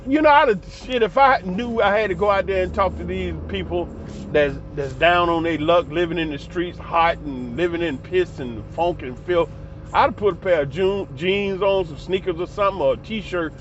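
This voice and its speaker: Fired-up, high-voiced man ranting. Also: normal speed, slight background noise. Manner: passionate, profane, heated. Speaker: commentary vlogger. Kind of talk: ranting commentary. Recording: slightly dull lo-fi recording.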